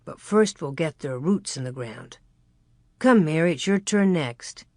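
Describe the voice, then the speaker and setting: A woman reads a calm, low-voiced pioneer dad in a storybook, slow and firm. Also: no room sound, clean studio sound. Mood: reassuring. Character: steady pioneer father, grown man, calm.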